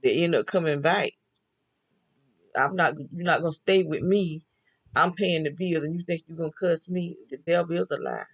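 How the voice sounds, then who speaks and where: Older woman, gravelly voice, chatty storyteller who laughs often. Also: low voice, normal speed, poor audio. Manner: chatty, laughs often, talks back and forth with herself. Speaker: vlogger. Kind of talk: casual storytelling monologue.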